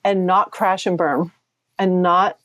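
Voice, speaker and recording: A woman in her sixties from New Hampshire, a performance coach telling her story as an interview guest in a chatty, animated way with frequent laughs. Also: fairly low pitch, slow, no echo, highs cut off. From New Hampshire, USA. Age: 60s. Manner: chatty, laughs often, animated retelling with quoted voices.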